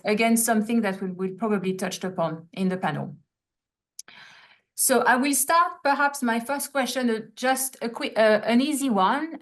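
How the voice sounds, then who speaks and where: Woman running a panel chat, polite, lots of ums, middle pitch voice. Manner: polite, measured, with frequent fillers. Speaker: panel moderator. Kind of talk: online panel discussion.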